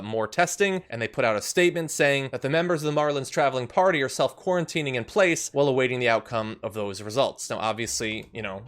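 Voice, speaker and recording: A man hosting a political commentary show, talking in a sarcastic, lively way with frequent laughs. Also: medium pitch. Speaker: show host.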